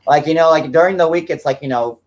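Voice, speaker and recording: A man's voice: on the high side, fast talker. A man in his forties hosting a casual livestream chat, talking in a rambling way, full of "like". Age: 40s. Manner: chatty, fillers of "like" throughout. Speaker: livestream host.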